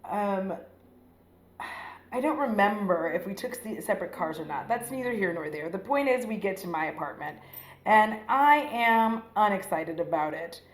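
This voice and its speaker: A woman's voice: medium pitch, animated, normal speed. A woman vlogger telling a story in a casual, chatty way while getting ready. She swears freely, says "like" a lot and acts out the voices of the people in her story. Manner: frequent filler "like". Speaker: beauty vlogger. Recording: roomy echo.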